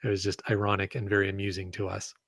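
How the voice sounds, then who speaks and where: A man's voice: deep voice, monotone, fast talker, a bit bright, slightly rough, no room sound. A man chatting as a guest on a podcast, rambling and hesitant, full of ums and restarts. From Canada. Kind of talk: casual podcast chat.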